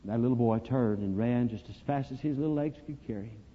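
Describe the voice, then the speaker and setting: A man preaching a sermon, telling a story dramatically and swinging from hushed to loud. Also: mid-range voice, quick pace, breathy edge. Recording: dull lo-fi recording, long reverb.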